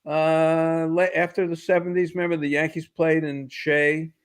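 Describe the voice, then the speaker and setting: A man's voice: a little high, little pitch movement, normal speed, smooth. A man on a sports radio show as a guest baseball analyst, reminiscing about ballparks in a nostalgic, fond way. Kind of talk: casual sports talk.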